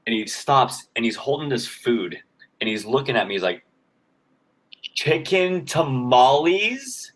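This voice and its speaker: A man with a fairly low voice tells a story in loose, rambling podcast chat. He swears freely and leans on fillers like "like" and "you know". Let him wander through his tale at an easy, conversational pace. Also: brisk, a bit bright, rough recording. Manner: rambling, profane, lots of fillers. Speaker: podcast co-host. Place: worked in Vegas.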